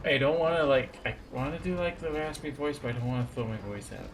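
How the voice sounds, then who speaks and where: A man's voice: medium pitch, quick pace, hardly any pauses, noisy background. A man streaming a game playthrough, muttering casual asides and reading the on-screen text aloud. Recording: game music behind.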